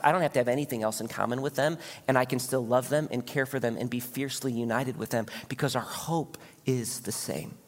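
A man's voice: mid-range voice, fairly bright tone, in a large hall. A man preaching a sermon as a pastor, in an earnest, conversational way full of rhetorical questions. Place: church sanctuary.

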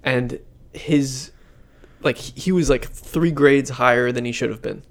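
Brief: male co-host, gravelly fry in the voice, relaxed blunt chat. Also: mid-range voice, a little slow. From Quebec. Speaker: podcast co-host. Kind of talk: casual chat.

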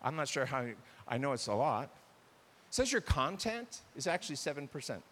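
A man's voice: medium pitch, normal speed, in a large hall. A man preaching a sermon about marriage, acting out arguments between spouses. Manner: animated, acts out quoted spouses. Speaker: pastor.

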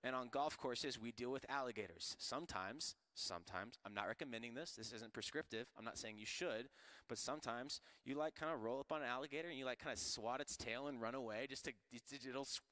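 A man's voice: medium pitch, brisk, bright, forceful tone, no echo. A man from Florida preaching a sermon in a casual, joking way full of slang. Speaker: pastor.

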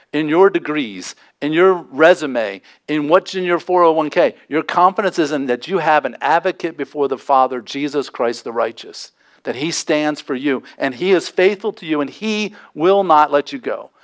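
A man preaching a sermon as pastor, animated, acting out quoted voices with folksy asides. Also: on the high side.

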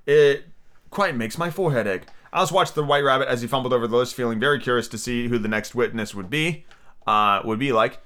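A man reading a storybook aloud on his podcast and then chatting casually, excitable and swearing freely. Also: medium pitch, fast talker. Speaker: podcast host and reader.

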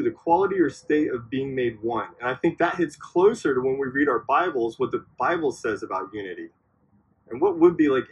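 A man's voice: mid-range voice, slight background noise, poor audio. Man giving a conversational youth sermon. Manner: conversational, asks the listeners "right?". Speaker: youth minister. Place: church backyard outdoors.

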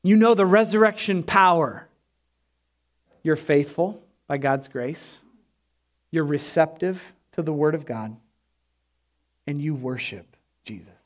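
A man preaching a sermon as pastor, passionate and emphatic, his voice swelling and dropping. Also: a little high.

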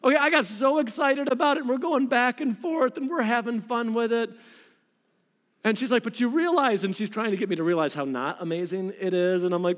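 A man in his thirties preaching a sermon to a congregation, telling a story with animated energy and his voice leaping up when he gets excited. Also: very high-pitched, a little fast. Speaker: pastor. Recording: reverberant hall.

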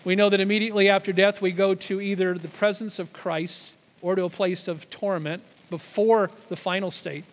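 A man's voice: sits high, steady tone, normal speed, hardly any pauses, big-room sound. A man preaching a sermon, explaining scripture verse by verse, restarting phrases and pressing on key words. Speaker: pastor.

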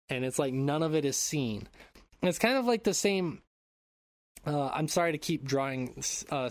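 A man's voice: mid-range voice, no room sound. A man co-hosting a podcast in casual chat, rambling and joking, swearing freely. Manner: rambling, animated, swearing, quick to joke. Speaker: podcast co-host.

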